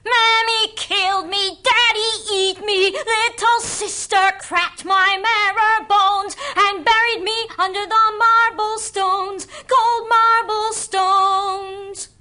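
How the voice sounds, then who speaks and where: Woman doing a ghost bird singing slow and eerie, storybook style, drawn out. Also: extremely high pitch, steady tone, bright, forceful tone, faint music behind, voice pushed up, exaggerated voice. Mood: loud wailing. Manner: slow eerie sing-song chant. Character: murdered little boy's ghost as a singing bird.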